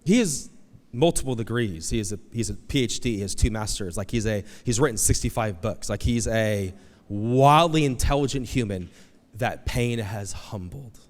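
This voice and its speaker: A man preaching a conversational, animated sermon as pastor, acting out quoted voices. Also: lowish voice, normal speed. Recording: long hall reverb.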